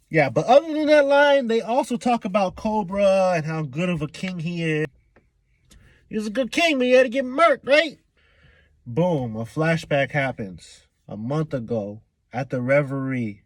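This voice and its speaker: A young man with a fairly high voice talks through a comic chapter in loose, excitable slang, cursing freely and jumping into the characters' lines as he recaps. The sound is dry and close to the mic, with no room around it. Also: no echo. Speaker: manga reaction youtuber.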